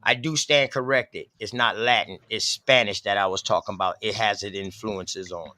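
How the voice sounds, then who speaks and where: Bright, forceful male co-host, interrupts a lot, dry sound. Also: on the low side, moderate pace, no echo. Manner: loud, interrupting, calls for attention with "hey, hold on". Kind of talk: casual podcast discussion.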